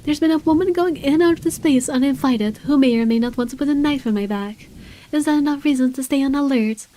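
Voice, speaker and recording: A woman's voice: sits high, quick pace, warm tone, voice pushed up, natural voice. A woman reading a visual novel aloud as an irritable wealthy man with guards, in dry, sardonic first-person narration. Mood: wary.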